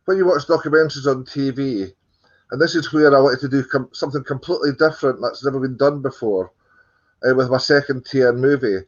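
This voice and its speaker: A man's voice: medium pitch, a little fast, dull audio. A man with a Scottish accent, a guest on an interview show, telling his story earnestly with many ums and the odd dry joke. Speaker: guest film producer. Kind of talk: casual interview chat.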